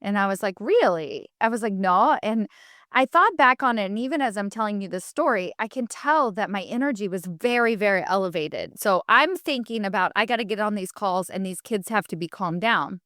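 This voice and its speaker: A woman's voice: medium pitch, animated, fairly quick, a bit bright, no room sound, clean studio sound. A woman hosting a solo podcast, telling a personal story in a candid, chatty way and turning it into coaching advice. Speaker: podcast host.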